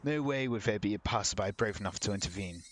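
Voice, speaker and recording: A man's voice: lowish voice, quick pace, a bit bright, poor audio. A man reading a visual novel's narration aloud during a let's play, breaking off into wry, casual comments. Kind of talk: reading game text aloud with casual asides.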